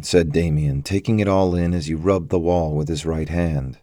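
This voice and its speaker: A very low, mellow male voice reads an adventure story at a measured, steady pace. The recording is close and dry, without room sound. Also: no echo. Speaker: audiobook narrator. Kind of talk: scripted narration.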